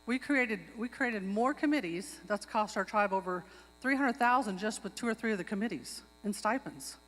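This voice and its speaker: A woman's voice: mid-range voice, moderate pace, a bit bright, soft background music. A woman speaking up at a public tribal meeting, arguing her motion and repeating herself for emphasis. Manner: earnest, repeats herself when stressing a point. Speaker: tribal member making a motion. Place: outdoor pavilion. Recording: long hall reverb.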